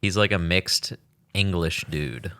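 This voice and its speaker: A man's voice: sits low, takes it slowly, bright, forceful tone, clear, resonant tone, no room sound, studio quality. A man co-hosting a podcast, chiming in with teasing jokes in casual chat. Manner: joking interjections, teasing.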